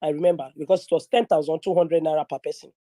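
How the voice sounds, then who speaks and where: A young woman from northern Nigeria with a Nigerian English accent, telling a story in a lively, chatty way and slipping into pidgin. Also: low-pitched, fast talker, dry recording. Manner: animated, mixes pidgin, acts out quoted voices. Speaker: guest speaker in an online audio room. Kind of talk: casual storytelling. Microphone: phone or headset in an online audio room.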